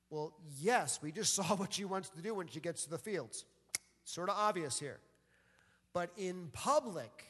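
A man preaching a sermon as a pastor, talking in a loose, conversational way with joking asides. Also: sits high. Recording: long hall reverb.

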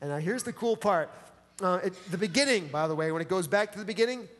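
A man's voice: high-pitched, expressive, fast, fairly bright tone, long reverb tail. A man preaching a sermon in a casual, enthusiastic, slangy way. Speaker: pastor.

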